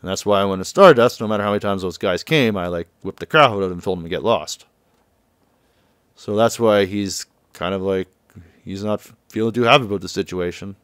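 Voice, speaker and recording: A man's voice: lowish voice, fairly quick, fairly bright tone, clear, resonant tone, no room sound. A man casually recapping a video game, chuckling often and loosely paraphrasing the dialogue. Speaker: gameplay commentator. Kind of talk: casual let's-play recap.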